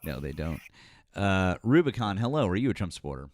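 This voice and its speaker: A man's voice: low-pitched, very animated, brisk, noisy background. A man hosting a live political call-in stream, talking bluntly and cursing freely. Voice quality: blunt, profane, exasperated. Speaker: host.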